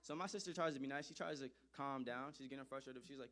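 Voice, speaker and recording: A man in the middle of a storytelling address, speaking at an ordinary, mid-range pitch. He talks with animated emphasis and circles back over his own phrases to drive each point home. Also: quick pace, few pauses. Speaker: speaker telling a personal story.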